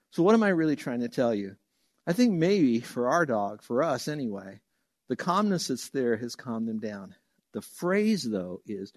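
A man preaching a sermon as a pastor, telling stories with lively acted-out voices. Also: a little high, moderate pace, no room sound. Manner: animated storytelling, acts out voices loudly.

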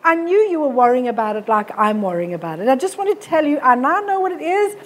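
A woman acting out a loud middle-aged woman on her phone who repeats herself insistently. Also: sits high, very animated, fast.

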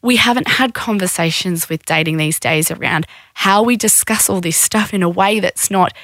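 A woman's voice: fairly low pitch, a bit bright, dry recording, clean studio sound. A woman, a guest in a podcast conversation, explaining in a frank, matter-of-fact way. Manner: frank, explanatory, acts out quick quoted voices. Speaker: sex educator guest.

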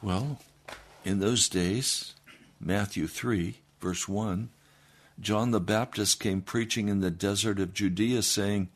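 A man preaching a sermon, swinging between loud declarations and hushed, low passages. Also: steady tone, slow, slightly rough.

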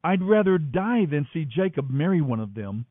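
A man's voice: a little high, big pitch swings, moderate pace, dry recording. A man voicing a worried, protective mother giving urgent, firm instructions. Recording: tinny phone-like line, faint music.

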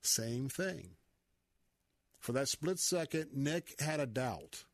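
A man's voice: mid-range voice, sing-song, takes it slowly, no echo. A man with a Southern accent hosting a Christian talk radio show, speaking in a folksy, preachy, conversational way.

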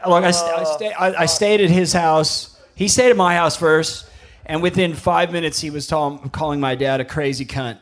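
A middle-aged American man with a high, lifted voice spins loose, profane stories as a guest. He rambles, laughs into his own lines and jumps into squeaky impressions of the people he quotes. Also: steady tone, normal speed. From United States. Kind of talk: casual storytelling chat.

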